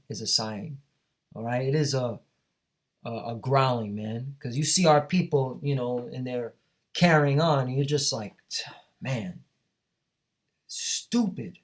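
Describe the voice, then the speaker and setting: A man teaching from scripture, reading verses aloud and then commenting on them emphatically while often checking in with his listeners. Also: mid-range voice. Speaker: Bible teacher.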